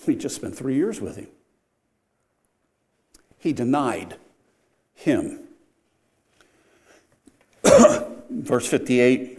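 Older male pastor, mid-pitched voice, animated and wry sermon delivery with big swings in volume. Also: very slow, long pauses. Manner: animated, wry, swings between loud emphasis and quiet.

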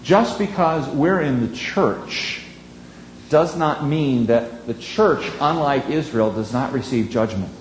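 A man preaching a sermon in an earnest, emphatic way, leaning on key words with dramatic pauses. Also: medium pitch, expressive, reverberant, slight background noise, poor audio.

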